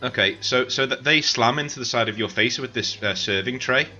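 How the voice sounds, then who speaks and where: A man narrating a tabletop game as game master, halting with many fillers. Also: medium pitch, pushed and bright, soft background music.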